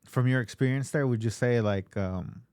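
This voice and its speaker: A man's voice: medium pitch, normal speed, darkish tone, clean tone, dry recording. A man hosting a podcast, asking questions casually and hesitantly. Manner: casual, hesitant, full of fillers. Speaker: podcast host. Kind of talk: casual interview chat.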